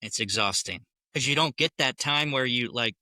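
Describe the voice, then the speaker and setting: Man with a sharp, very bright voice. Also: mid-range voice, moderate pace, no echo. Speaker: podcast guest. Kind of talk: casual chat.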